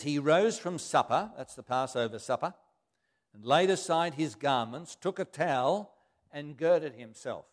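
Higher-voiced man preaching a Bible study. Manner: reads scripture aloud, then explains it in plain everyday words. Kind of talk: sermon.

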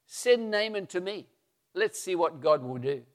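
A man voicing a calm, humble old prophet in a retold Bible story. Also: high voice, measured pace, in a large hall, voice pushed up.

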